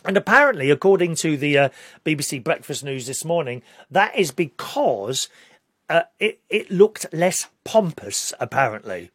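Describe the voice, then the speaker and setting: British bloke rambling on to camera, opinionated, fairly high voice, dry sound. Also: male voice, expressive, moderate pace, breathy edge, no echo. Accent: British English. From Britain. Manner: chatty, rambling, opinionated, rising to indignant outbursts. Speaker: vlogger. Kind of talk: casual talk to camera.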